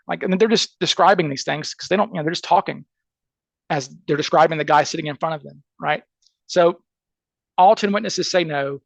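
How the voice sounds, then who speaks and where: A man's voice: on the high side, a little fast, creaky, no room sound. A man with a Southern accent, a criminal defense attorney on a podcast interview, laying out a case emphatically and checking in with "okay?" and "right?" as he goes.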